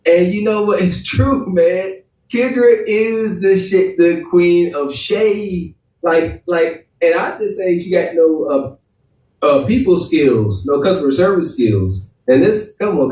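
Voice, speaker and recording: A high-pitched man chats casually and wryly, using a lot of slang and laughing easily. The voice sits back from the mic, and the room is echoey. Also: takes it slowly, a little mellow, far from the mic. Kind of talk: casual podcast commentary.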